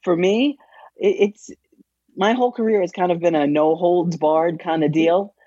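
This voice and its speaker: Blunt, low-voiced woman, a former English teacher. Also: steady tone, moderate pace, dark tone, dry recording, dull audio. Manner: blunt, emphatic and profane, with teacherly explaining. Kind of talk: casual podcast chat.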